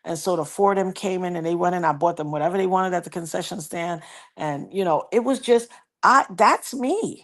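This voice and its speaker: A woman livestreaming, casually telling a personal story and reading viewer comments in an animated, folksy way. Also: on the low side, fairly quick. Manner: animated, folksy, slips into quoted voices.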